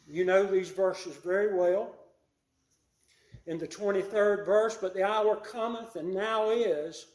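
A man preaching a sermon, emphatic and repeating his key phrases, rising louder on his main points. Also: high voice, echoey room.

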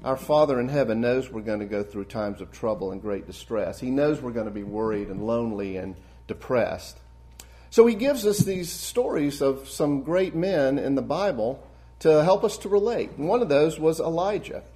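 A man preaching a sermon, earnest and warm in delivery, building to emphatic peaks and then dropping soft and low. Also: lively intonation, moderate pace.

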